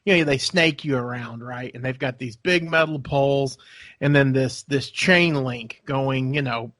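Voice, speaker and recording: A man's voice: mid-range voice, unhurried, fairly bright tone, no room sound. A man co-hosting a podcast, telling a long rambling story in casual chat and acting out the people in it. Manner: rambling storyteller, acts out voices, laughs often. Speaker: podcast co-host.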